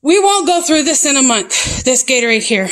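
Chatty high-pitched mom listing groceries. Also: female voice, big pitch swings, normal speed, a bit bright, poor audio. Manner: chatty, listing items one after another. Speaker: mom vlogger. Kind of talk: casual grocery haul vlog. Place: at home.

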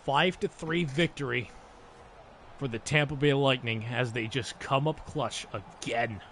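A man live-streaming commentary on a hockey video game simulation, talking to his chat, swearing freely and breaking into loud exasperated outcries. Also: medium pitch, a little slow, a little hiss or hum.

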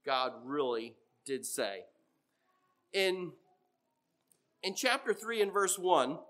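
A middle-aged man preaching a sermon in a church, telling stories and getting animated when he quotes other people. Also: high-pitched.

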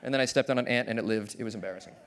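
A man's voice: fairly low pitch, rapid-fire, a little hiss or hum. A man giving a playful keynote talk on stage, acting out little scenes and voices. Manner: playful, acts out voices of others. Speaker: keynote speaker. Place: large conference hall stage.

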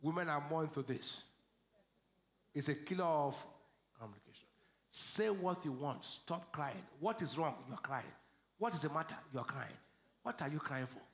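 A man with a Nigerian accent preaching a sermon as pastor, calling out questions to the congregation and swinging between shouts and low asides. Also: expressive, normal speed, long pauses. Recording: echoey church hall.

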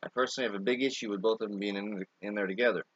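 Guy explaining protein stuff, earnest, says things twice, lowish voice, dull dry sound. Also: fairly even intonation, very fast, a bit bright, no echo. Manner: earnest, explanatory, repeats key points. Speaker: co-host explaining the product. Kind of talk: casual product talk.

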